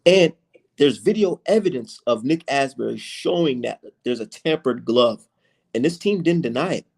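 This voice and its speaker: A man's voice: mid-range voice, expressive, moderate pace, vocal fry, darkish tone, slightly rough. A man from the United States, a channel host arguing in a heated online debate, combative and mocking, swearing freely.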